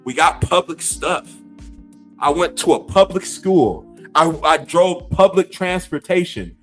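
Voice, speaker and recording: Guy in his 50s going off on a profane rant, kinda high voice, faint music behind. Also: lively intonation, unhurried, fairly bright tone. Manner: profane, mocking, laughing scornfully. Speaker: gaming YouTuber. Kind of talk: heated rant to camera.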